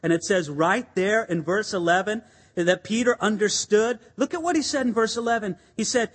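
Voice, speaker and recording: A man delivers an earnest, emphatic sermon, his voice sitting unusually high. He drives his points home with rhetorical questions and repeated phrases. A long reverb from the church hall trails each line. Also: moderate pace, breathy edge. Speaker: pastor.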